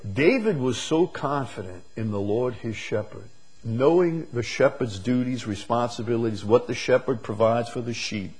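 A man preaching a sermon, drawing words out slowly and swinging from loud emphasis to hushed, quiet lines. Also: mid-range voice, husky, rough recording. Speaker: pastor.

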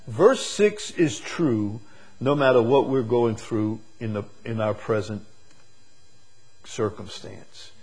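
A man preaching a sermon, moving from quiet, slow reflection to loud, emphatic declarations. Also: mid-range voice, slightly rough. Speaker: pastor.

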